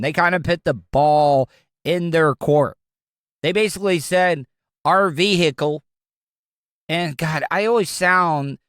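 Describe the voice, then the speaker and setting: A Southern American man hosts his own podcast, offering blunt, rambling opinions in casual talk. His voice is fairly high and a bit bright, with no echo.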